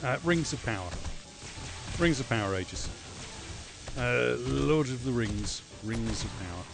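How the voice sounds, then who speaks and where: A man's voice: mid-range voice, animated, a little slow, creaky, over music. A man streaming a game, chatting casually with rambling, sardonic and profane asides. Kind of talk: casual gameplay chat.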